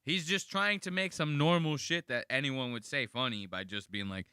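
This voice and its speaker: A man's voice: mid-range voice, normal speed, hardly any pauses, pushed and bright, clean tone, dry recording, studio quality. A man hosting a casual podcast, ranting in an exasperated, profane, mocking way while reacting to clips.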